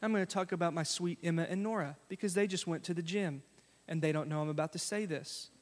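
A man's voice: fairly high pitch, fast talker, big-room sound. A male pastor giving a sermon in a conversational, storytelling way, often asking the congregation questions. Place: church sanctuary.

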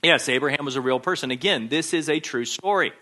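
A male preacher delivers a sermon with a bright, forceful edge to his voice. He speaks emphatically and insistently, circling back to repeat the same points. His voice sits a little higher than most men's. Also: fast talker.

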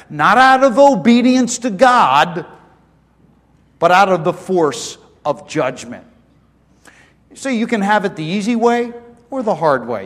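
High-voiced folksy preacher in a reverberant hall. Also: male voice. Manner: folksy storytelling preacher, asks the congregation questions. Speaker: pastor. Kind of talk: sermon. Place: church sanctuary.

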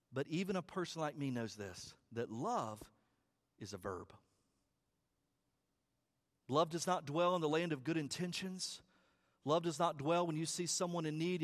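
A man preaches a sermon as a pastor, keeping it conversational while repeating words and rising to loud, high climaxes.

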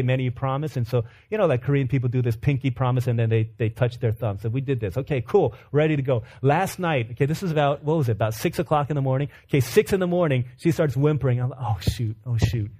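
A man in his thirties preaching a sermon, telling a family story with animated, humorous retellings. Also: mid-range voice, fast. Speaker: pastor.

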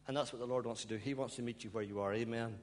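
A male pastor preaching and praying, pleading with his congregation, now and then breaking into soft laughter and sighs. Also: medium pitch, fairly even intonation, fast. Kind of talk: emotional sermon and prayer. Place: church hall. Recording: long church reverb, faint hum.

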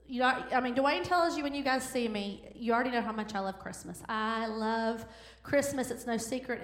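Bubbly high-voiced woman speaking in church. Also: fairly quick. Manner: bubbly, enthusiastic, laughing asides. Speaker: pastor's wife and guest speaker. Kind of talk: sermon talk. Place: church sanctuary. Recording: echoey church sanctuary.

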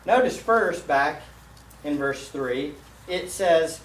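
A man, a pastor, preaching a sermon in a church sanctuary, emphatic and swinging between loud and hushed delivery. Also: fairly high pitch, expressive, takes it slowly, slight background noise. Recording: roomy echo, mic at a distance.

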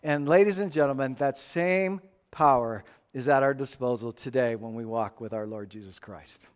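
A man preaching a sermon to a congregation in an emphatic, animated way. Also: medium pitch, moderate pace, clear, resonant tone. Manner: animated, emphatic preaching with playful acted-out voices. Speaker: pastor.

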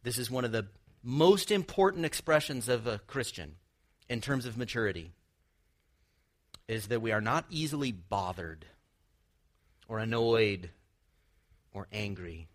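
A man's voice: on the low side, lively intonation, measured pace, long pauses. A man preaching a sermon, teaching earnestly with rhetorical questions and the odd light laugh. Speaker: pastor.

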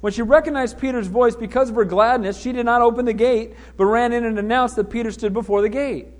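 A man preaching a sermon as pastor, animated and acting out the voices of people in the story. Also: very high voice, fast talker.

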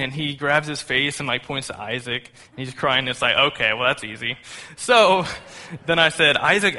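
Pastor, man in his thirties, chatty sermon style with asides, bright tone, reverberant church hall. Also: fairly high pitch. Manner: conversational storytelling with fillers and asides.

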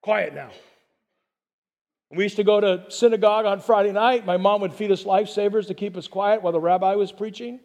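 High-voiced man preaching a conversational sermon. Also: fast, few pauses. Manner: conversational preaching with asides and repetitions; drops to a hushed voice on calm phrases. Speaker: pastor.

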